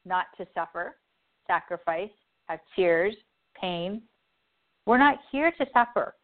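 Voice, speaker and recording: Earnest lady host, heartfelt and repetitive, lowish voice, sounds like a phone line. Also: expressive, slow. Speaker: radio show host and psychic advisor. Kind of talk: emotional spiritual talk.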